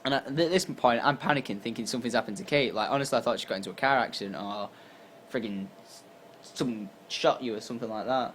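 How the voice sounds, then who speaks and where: A tired young man from England telling a story casually to camera, acting out his own lines with sudden jumps in pitch and loudness. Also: fast talker, a little hiss or hum. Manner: animated, acts out quotes with jumps in pitch and volume. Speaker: YouTuber.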